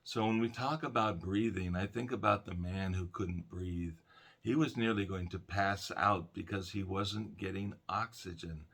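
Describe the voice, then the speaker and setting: Deep gravelly male counselor, calm. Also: unhurried. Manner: calm, conversational, storytelling. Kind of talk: calm self-help talk to camera.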